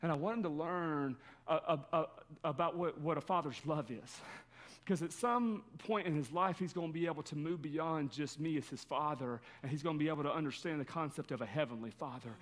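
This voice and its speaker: A man's voice: on the high side, a little fast. A male pastor giving a conversational sermon, telling a personal story in an earnest way.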